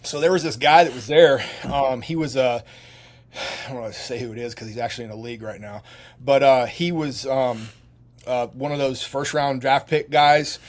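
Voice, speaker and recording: A middle-aged retired soldier appears as a podcast guest, telling long, rambling stories full of restarts and fillers. His mid-range voice keeps a steady tone at a normal speed, in the manner of casual storytelling.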